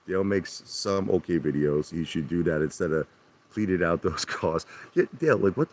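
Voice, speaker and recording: In a low, darkish voice with big pitch swings, a livestream host talks fairly quickly from his hot tub. The rambling live chat is brash, full of repetition and shout-outs to viewers by name.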